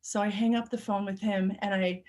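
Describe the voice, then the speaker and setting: An expressive woman recounting a true story for a live storytelling slam. She swings between loud urgency and hushed, quiet passages, at a middling pitch for a woman. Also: normal speed.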